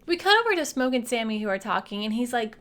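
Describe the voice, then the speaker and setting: A woman's voice: fairly high pitch, quick pace. A young adult woman recapping a movie in a casual, playful way, using slang and shifting her voice a lot as she talks. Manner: animated, jumps between voices. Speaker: movie reviewer.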